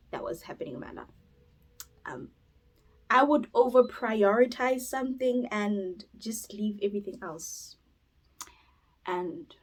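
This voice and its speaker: A young woman from South Africa chatting casually on her vlog, rambling and expressive, with sudden loud bursts and whispered asides. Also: a little high, poor audio. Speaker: YouTuber. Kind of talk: casual chat.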